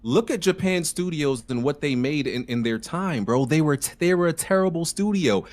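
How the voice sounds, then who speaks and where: A man's voice: on the high side, lively intonation, normal speed. A man joining a stream, arguing insistently and pushing back on the host. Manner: argumentative, insistent, pushes back with repeated "bro". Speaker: guest debating on a stream. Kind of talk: casual argument.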